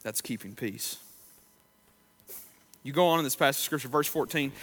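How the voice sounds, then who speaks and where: A man's voice: mid-range voice, moderate pace, pauses often, a bit bright, slight background noise. A man pastor preaching a sermon in a conversational way, with frequent restarts and fillers.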